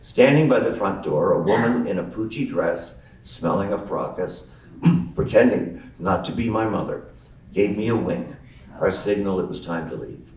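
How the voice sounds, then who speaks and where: A man with a low voice reads his own memoir at a live event, with wry, amused timing. The echoey room and the distant mic give his voice an open, roomy sound. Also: normal speed. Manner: wry, amused, lively storytelling. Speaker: author reading his memoir. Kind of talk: memoir reading.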